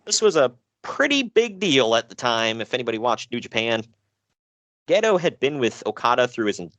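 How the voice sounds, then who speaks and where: A man's voice: medium pitch, a bit bright, no room sound. A man hosting a casual podcast, reading out wrestling news with jokes and frequent laughs. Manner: jokey, self-deprecating, laughs often. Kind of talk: casual chat.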